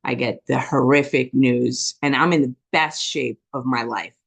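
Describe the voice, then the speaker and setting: A woman giving a personal testimony, talking quickly and passionately, often checking in with "okay?" and acting out voices as she tells her story. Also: rumbling low, vocal fry, husky. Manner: animated storytelling with quoted dialogue. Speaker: business testimony speaker.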